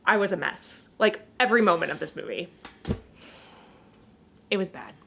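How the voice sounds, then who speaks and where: A woman's voice: fairly low pitch, animated, normal speed, vocal fry, fairly bright tone, a little hiss or hum. A woman co-hosting a podcast, chatting casually and emotionally about a movie she watched, laughing often and getting worked up. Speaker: podcast co-host. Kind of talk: casual movie review chat.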